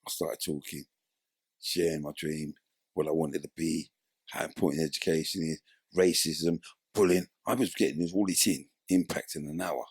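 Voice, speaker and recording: A man's voice: a bass voice, normal speed, slightly rough, no echo, clean studio sound. A man, telling his story in a casual interview and acting out the voices of people in it. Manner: animated, acts out voices in his stories. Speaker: interview guest, former footballer.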